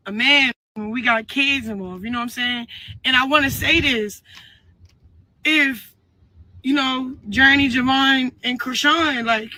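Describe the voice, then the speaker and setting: A woman's voice: sits high, bright, forceful tone, no echo, low-quality recording. A woman speaking on a livestream, rambling and earnest as she apologizes and talks about her son. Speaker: mother speaking in a livestream clip. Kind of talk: emotional livestream talk.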